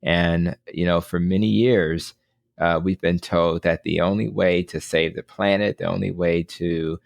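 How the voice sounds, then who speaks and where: A man's voice: low voice, steady tone, measured pace, creaky, no room sound. A man hosting a podcast and interviewing a guest, earnest, often repeating words as he starts a sentence. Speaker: podcast host, physician. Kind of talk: conversational interview.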